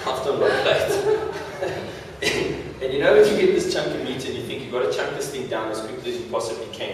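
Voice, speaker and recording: A man's voice: mid-range voice, darkish tone, a little hiss or hum. A man giving a playful motivational talk to a live audience, joking and stumbling over repeated words. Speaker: motivational speaker. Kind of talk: stage talk with audience interaction. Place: large hall before an audience. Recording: echoey hall, mic far off.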